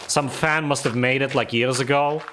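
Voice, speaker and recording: A man's voice: medium pitch, fairly even intonation, moderate pace, noisy background. A young man with a vaguely Eastern European accent, chatting and joking while streaming a game, rambling and laughing often. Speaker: gaming streamer. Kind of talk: casual live gameplay commentary.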